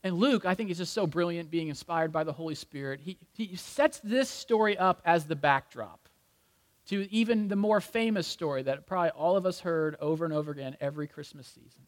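A man's voice: fairly high pitch, a little fast. A male pastor preaching a sermon in a church with humorous, conversational storytelling. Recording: long reverb in a large hall.

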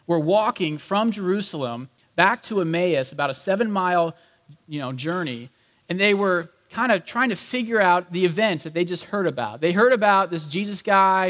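A man preaching a sermon in a conversational, animated way, acting out the voices of people in the story. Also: sits high, long reverb tail. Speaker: pastor.

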